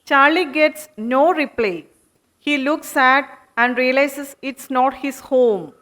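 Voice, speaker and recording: A woman narrating a children's puppet show in a slow, clear storytelling manner. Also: high voice, a bit bright.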